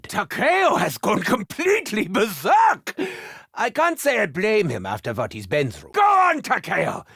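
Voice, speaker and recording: An actor playing an unhinged, theatrical male German scientist in a game, with a German accent, shouting taunts and muttering erratically. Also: dry recording, studio quality, full character voice. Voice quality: gravelly, wildly swooping pitch. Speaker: game character voice lines.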